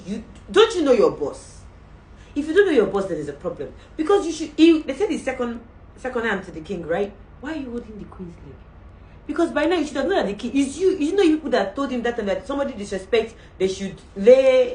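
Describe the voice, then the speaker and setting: A woman's voice: medium pitch, a little hiss or hum. A woman hosting a faith-based motivational talk, telling a story animatedly, acting out voices and adding asides. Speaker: podcast host. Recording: roomy sound from a distant mic.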